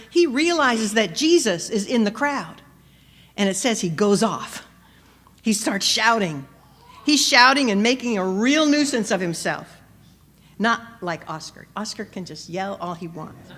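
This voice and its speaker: Woman preaching in a reverberant church. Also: mid-range voice. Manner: measured, questioning, builds to emphatic peaks then drops soft. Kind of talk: sermon.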